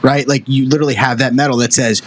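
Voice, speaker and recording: A man's voice: mid-range voice, steady tone, fast talker, slight background noise. A man hosting a podcast who talks in an easygoing, frank way, hedging with fillers as he makes his point in casual conversation. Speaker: podcast host.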